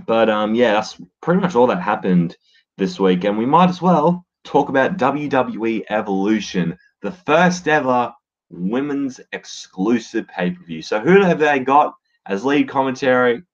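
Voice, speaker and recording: A man's voice: mid-range voice, animated, measured pace. A man giving casual solo commentary on wrestling, blunt and swearing freely, with lots of fillers. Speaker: wrestling podcaster. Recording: dull lo-fi sound.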